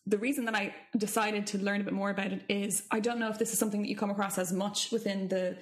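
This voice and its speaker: A woman singing teacher in casual chat, animated and curious, with quick asides. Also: mid-range voice.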